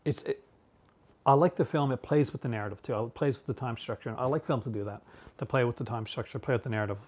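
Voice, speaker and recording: A man's voice: mid-range voice, fast talker, a little mellow. A Canadian man in his thirties chatting casually with viewers about films, rambling with many restarts, fillers and frequent laughs. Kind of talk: casual chat, answering viewers.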